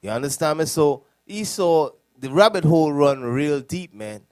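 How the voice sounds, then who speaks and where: Laid-back higher-voiced man teaching. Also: expressive, moderate pace, a little mellow, no echo. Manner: loose, conversational, laughs at his own jokes. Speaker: deacon. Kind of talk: classroom teaching.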